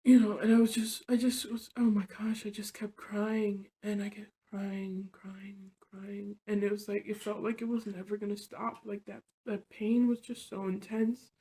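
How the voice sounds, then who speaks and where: Rambling woman with a mellow voice. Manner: rambling, heavy use of "like" and "you know"; emotional and confessional, often dropping soft and low. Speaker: vlogger. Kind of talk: personal storytelling vlog.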